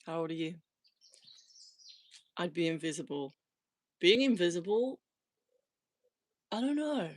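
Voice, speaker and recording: Her voice lowish and sing-song, a livestream host in her thirties chats casually from a small converted shed at a measured pace with long pauses. She reads viewer comments aloud and laughs often.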